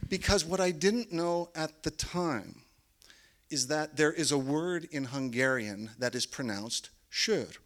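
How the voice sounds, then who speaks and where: A man's voice: a little high, takes it slowly, fairly bright tone. A man telling a personal story on stage, with wry, understated comic timing. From Canada.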